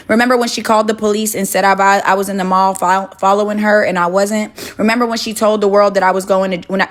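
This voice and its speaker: A young woman on a phone livestream from her home kitchen, chatting casually and bluntly with viewers, swearing and arguing back at them. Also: medium pitch. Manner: blunt, profane, argumentative.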